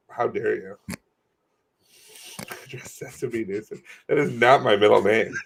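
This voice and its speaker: A man's voice: mid-range voice, creaky. A man co-hosting a comedy podcast, chatting casually in a rambling, joking way with plenty of swearing. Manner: rambling, swears, laughs often. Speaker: podcast co-host.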